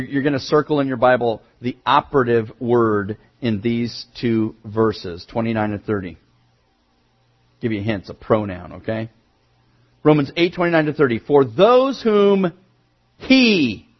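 A male pastor preaching a sermon, moving from quiet asides to emphatic raised declarations. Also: fairly high pitch, muffled recording.

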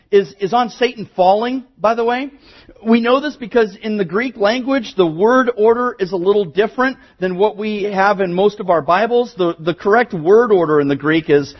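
High-voiced pastor preaching conversationally. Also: male voice, lo-fi sound. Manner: conversational, repeats words and restarts, reads scripture slowly. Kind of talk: sermon.

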